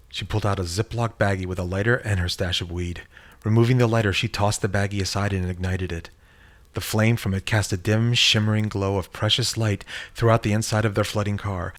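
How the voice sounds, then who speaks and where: A man reading a horror story in a measured, dramatic storytelling manner. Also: on the low side, fairly even intonation. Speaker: narrator. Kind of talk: scripted horror story narration.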